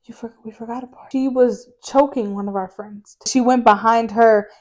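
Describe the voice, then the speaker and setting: A woman's voice: fairly high pitch, steady tone, normal speed, darkish tone. A young woman co-hosting a podcast, adding her side of a story in casual, slangy chat with swearing. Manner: chiming in and adding details, slangy and profane. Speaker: podcast co-host.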